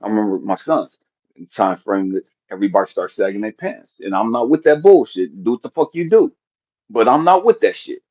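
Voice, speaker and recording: A middle-aged man giving a blunt, profane motivational talk, animated and jumping to shouts for emphasis. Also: lowish voice, fairly quick, husky, highs cut off. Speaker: motivational speaker.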